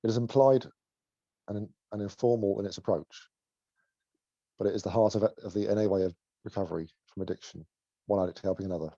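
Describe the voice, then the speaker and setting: A man reading a passage aloud, haltingly, repeating words at times. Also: fairly low pitch, fairly even intonation, mellow, no room sound, muffled recording.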